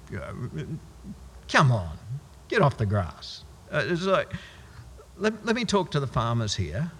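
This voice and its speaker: Wry preacher in an echoey hall. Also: male voice, a little high, wildly swooping pitch, measured pace, a bit bright, slightly rough. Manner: conversational, wry, exaggerated asides. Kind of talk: sermon.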